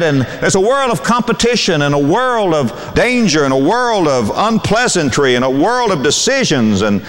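An older man preaching a sermon in a folksy, animated way, acting out quotes from husbands and wives. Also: high voice, in a large hall.

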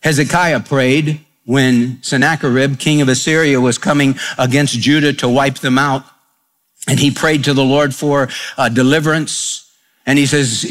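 A man's voice: mid-range voice, steady tone, moderate pace, fairly bright tone. A man preaching a radio sermon in a plain, conversational way, with folksy stories and homespun humor. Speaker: pastor.

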